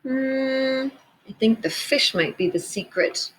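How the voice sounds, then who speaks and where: A woman teacher reading a picture book aloud to children, gently pointing out details in the pictures as she goes. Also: high-pitched, animated, slow, slight background noise, low-quality recording.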